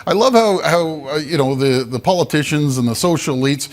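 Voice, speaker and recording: A man co-hosting a political talk show, speaking combatively and piling on rivals. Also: fairly high pitch. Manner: combative, quick to pile on rivals.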